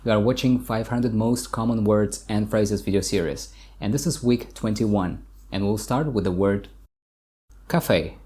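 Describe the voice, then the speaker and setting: A man's voice: on the low side, a little mellow. Patient Tajik man teaching vocabulary. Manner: slow, patient repetition of words. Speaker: language teacher. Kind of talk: vocabulary lesson.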